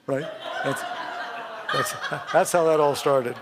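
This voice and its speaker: A man's voice: medium pitch, fairly even intonation, slow, long pauses, slight background noise. A man giving a conversational sermon in a church, chatty and joking, often restarting his sentences and laughing at his own jokes. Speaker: speaker giving a Sunday talk. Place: church sanctuary.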